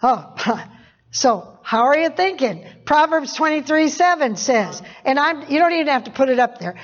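A woman with a bright, high voice preaches in a loose, conversational way, chuckling as she goes and circling back on key phrases. The recording is muffled and lo-fi. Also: lively intonation, normal speed. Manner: conversational, laughs often, repeats phrases for emphasis. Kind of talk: informal sermon teaching. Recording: dull lo-fi recording.

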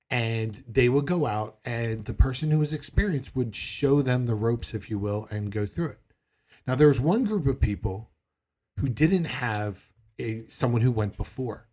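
A man's voice: medium pitch, dark tone. A man preaching a sermon in a conversational way, acting out the people he quotes. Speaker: pastor.

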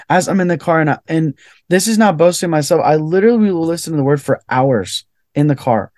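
Young man, podcast guest, earnest testimony, lightly raised pitch, dry close sound. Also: brisk, darkish tone, dry recording. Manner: heartfelt, fills speech with "like". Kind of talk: earnest personal testimony in conversation.

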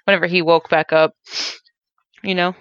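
A woman's voice: fairly low pitch, level tone, normal speed, clear, resonant tone, no echo, lo-fi sound. A woman playing a tabletop game, chatting casually and correcting herself. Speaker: player.

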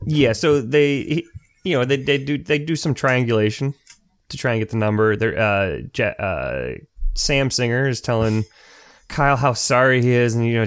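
A man's voice: medium pitch, normal speed. Laid-back man summarizing a plot. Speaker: podcast co-host. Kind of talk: casual chat.

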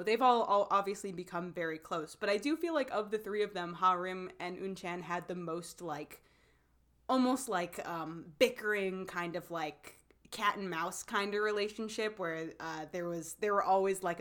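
A woman's voice: medium pitch, moderate pace. A woman co-hosting a podcast in casual chat, animatedly recapping a show with lots of fillers. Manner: animated, acts out scenes, many fillers. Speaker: podcast co-host.

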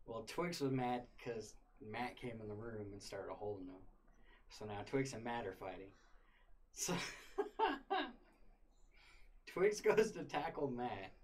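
Young man, casual storyteller, profane, animated delivery, faint background noise. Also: mid-range voice. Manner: profane, animated, laughing retelling.

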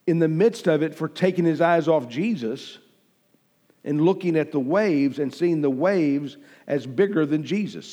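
A man's voice: on the high side, warm tone. Preaching man with a raised voice in a reverberant hall. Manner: emphatic preaching, rising and falling in volume, acting out quoted speech. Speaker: pastor. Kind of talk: sermon.

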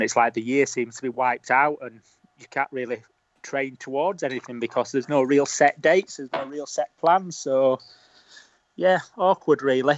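A man's voice: mid-range voice, no room sound, lo-fi sound. A man with a Yorkshire accent, a guest talking easily and at length over a remote call. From Yorkshire, England. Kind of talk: casual interview.

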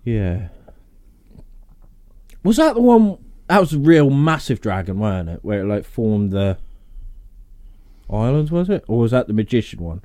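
A man's voice: medium pitch, big pitch swings, measured pace, long pauses, mellow, no echo, clean studio sound. A man hosting a podcast, chatting casually, reading out facts and joking and swearing between laughs. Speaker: podcast host.

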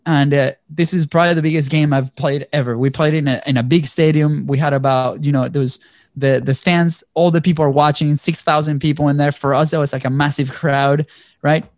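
An animated man from Venezuela tells a story in a conversation, checking in with his listener and acting out the quotes. His voice sits fairly high for a man. The sound is dry and close. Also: brisk, dry recording. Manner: animated storyteller, acts out quotes, frequent "right?". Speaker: guest.

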